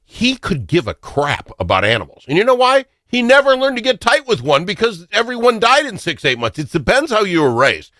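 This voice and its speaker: Man, talk show host, animated storyteller, lively pitch, dry sound. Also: brisk, few pauses, no room sound. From Minnesota. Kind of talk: casual storytelling chat.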